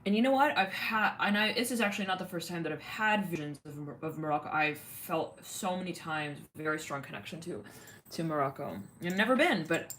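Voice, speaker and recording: A woman's voice: lowish voice, a little fast, fairly bright tone, a little hiss or hum. A woman hosting a casual livestream, chatting in a rambling way with many fillers, thanking viewers. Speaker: livestream host.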